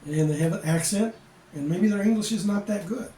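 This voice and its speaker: A man's voice: high voice, fairly quick, dark tone, recorded from a distance, a little hiss or hum. A man in his sixties from the United States giving casual, rambling advice to camera as an expat vlogger, plain-spoken and repeating himself. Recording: echoey room, voice away from the mic.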